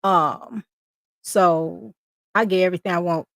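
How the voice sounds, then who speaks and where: A woman on a panel speaking in a slow, assured manner. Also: fairly low pitch, gravelly, no room sound. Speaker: panel guest. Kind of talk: casual panel discussion.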